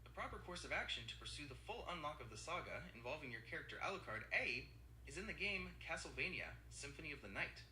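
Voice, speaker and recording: A text-to-speech male assistant voice with a very bright, sharp tone and a lively rise and fall. It speaks formally and apologetically. The voice carries a roomy echo with a faint hum behind it. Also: on the high side, fast talker.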